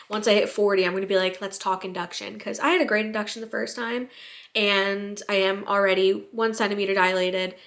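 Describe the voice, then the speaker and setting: A woman's voice: mid-range voice, pushed and bright. A young, heavily pregnant woman chatting casually to her camera, rambling with lots of "like" fillers and sounding tired. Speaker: vlogger.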